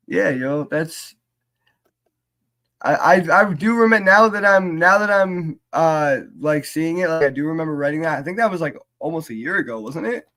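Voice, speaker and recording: Casual podcast co-host, a man, pitched a bit high, stop-start delivery full of fillers. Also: expressive, bright, forceful tone. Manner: halting, with many fillers and restarts. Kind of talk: casual chat about writing rap lyrics.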